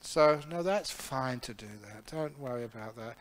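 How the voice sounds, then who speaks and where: A man who is a Buddhist monk, giving a humorous question-and-answer talk with lively storytelling. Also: medium pitch, normal speed, slight background noise. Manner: humorous, chuckling, animated storyteller.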